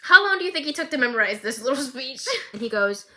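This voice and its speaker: A woman recapping an animated series in a dramatic, animated storytelling style. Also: high voice, quick pace, hardly any pauses. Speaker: recap vlogger.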